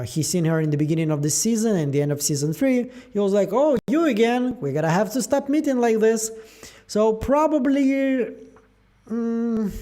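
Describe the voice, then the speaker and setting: High-voiced man musing over show theories. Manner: musing aloud, animated, trailing fillers. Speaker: show theory channel host. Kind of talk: casual theory breakdown.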